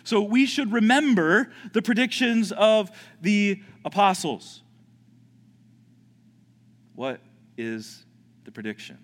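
Male pastor preaching, lively swooping pitch, slightly high voice, long hall reverb. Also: slow, pauses often. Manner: animated, repeats words, acts out panicked voices. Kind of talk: sermon.

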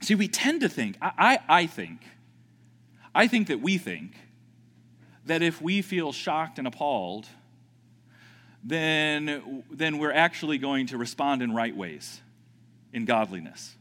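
A man preaching a sermon, animated, often repeating words and acting out panicked voices. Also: on the high side, a little slow, long pauses, big-room sound. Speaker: pastor.

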